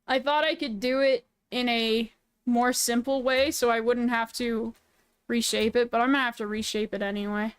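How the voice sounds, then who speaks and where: A woman's voice: a little high, fairly even intonation, moderate pace, clean tone, dry recording. A young woman streaming while she draws, chatting casually in a goofy, joking way. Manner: goofy, playful, jokey. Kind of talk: casual chat while drawing.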